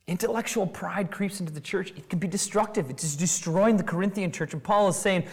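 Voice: medium pitch, brisk, hardly any pauses. A preacher giving an expository sermon, firing off rhetorical questions and acting out quoted voices. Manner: animated, acts out quoted voices.

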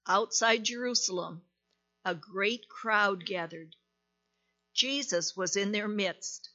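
A woman reading a story aloud in a gentle, deliberate manner with dramatic pauses. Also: medium pitch, highs cut off.

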